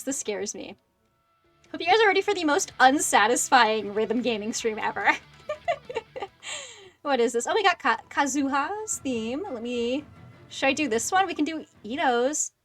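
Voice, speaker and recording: In a casual gaming livestream, a young woman chatters excitably and often makes fun of herself. Her high, lively voice swings widely in pitch at a normal speed, with frequent pauses. She sits close to a desk microphone while faint game music plays underneath.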